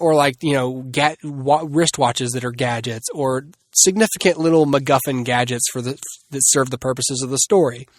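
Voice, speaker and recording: A man's voice: mid-range voice, dry recording. Rambling man reviewing a movie, dry close mic. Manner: rambling, self-interrupting, many fillers. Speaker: podcast host. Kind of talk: solo movie review podcast.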